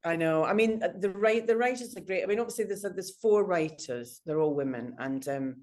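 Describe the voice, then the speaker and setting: A woman actor with a lowish voice chats on a video call. She is effusive and chatty, piling up quick asides. The sound comes from an office. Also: darkish tone. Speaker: actor, podcast guest. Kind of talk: casual chat. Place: office high above a city.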